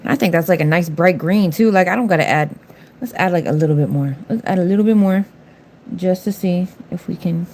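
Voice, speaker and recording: A woman's voice: lowish voice, fairly quick, a little mellow, slight background noise. Sassy woman chatting on a nail livestream. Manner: blunt, sassy, talks back to chat viewers. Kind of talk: casual livestream chat.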